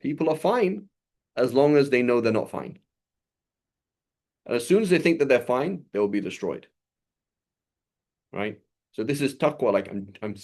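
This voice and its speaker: A male religious teacher whose voice sits on the low side with a darkish tone gives a relaxed lesson. He talks loosely and conversationally, often checking in with "right?", and fluently recites Arabic passages.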